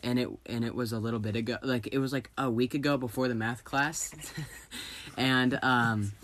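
Teen boy, mid-pitch, rambling, filler-heavy. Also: fairly even intonation, moderate pace, a bit bright, slight background noise. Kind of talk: casual group chat.

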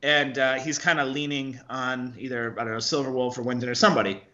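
A man's voice: mid-range voice, steady tone, quick pace, sharp tone. A man playing a tabletop game, describing his character with hesitant fillers. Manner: hesitant, many filler sounds. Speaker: player. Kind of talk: casual chat at a game table. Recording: dull lo-fi sound with noise.

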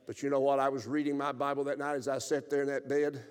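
Older preacher in a reverberant church. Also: male voice, mid-range voice, level tone, fast talker, hardly any pauses, smooth. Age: 70s. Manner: swings from loud exclaiming to hushed, tearful telling. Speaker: pastor. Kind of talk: revival sermon storytelling. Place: church sanctuary.

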